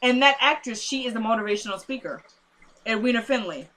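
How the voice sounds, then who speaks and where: A woman's voice: on the high side, expressive, a little fast, fairly bright tone, a little hiss or hum, low-quality recording. A young adult woman casually recapping a TV episode, rambling with lots of fillers. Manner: rambling, lots of "like" and "you know".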